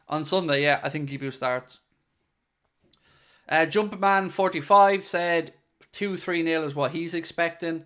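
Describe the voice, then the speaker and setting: A man's voice: on the high side, unhurried, long pauses, fairly bright tone. A man hosting a casual live stream, chatting and answering viewer comments. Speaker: podcast host reading live chat.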